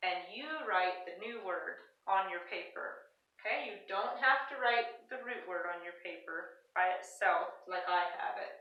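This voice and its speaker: A woman's voice: medium pitch, bright, forceful tone, dull audio. A woman teacher, giving a cheerful, patient recorded lesson to young children from a classroom with a board. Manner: cheerful, patient, talks directly to the kids. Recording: echoey room, mic set far off.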